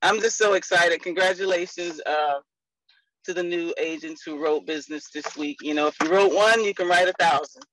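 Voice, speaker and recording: An excited insurance agent, a woman, gushing through a casual update on a video call. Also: on the low side, moderate pace, background noise.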